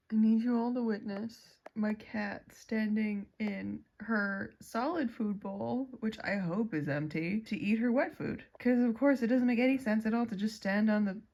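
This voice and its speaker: Woman, casual home vlog, chatty, swears a lot, giggly, mid-pitched voice. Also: moderate pace, creaky, muffled recording. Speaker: author vlogger. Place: at home, late at night.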